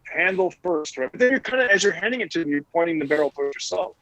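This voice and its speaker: A man in his forties talks casually on a podcast, rambling through an anecdote with plenty of "you know" and "like." His voice sits a touch high for a man, and it sounds close and dry, with no room around it. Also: quick pace, no echo, poor audio. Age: 40s. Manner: rambling, animated anecdote with many fillers. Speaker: podcast host. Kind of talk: casual chat, storytelling.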